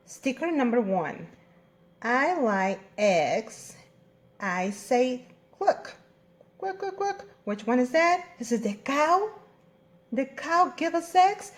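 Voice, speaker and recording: A woman with a Spanish accent teaching English to young children in a slow, sing-song, encouraging way. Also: on the high side, roomy sound. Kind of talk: recorded online lesson for young children.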